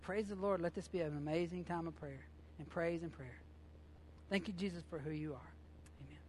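A man's voice: on the high side, brisk, slight background noise. A man preaching a sermon as pastor, impassioned and conversational, repeating phrases and using informal, folksy grammar.

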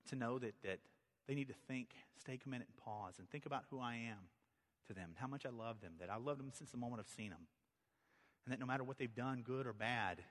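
Storytelling pastor with a drawl. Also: male voice, mid-range voice, fairly bright tone. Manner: conversational, storytelling, rising to emphatic peaks. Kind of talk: sermon. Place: church sanctuary. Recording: long hall reverb.

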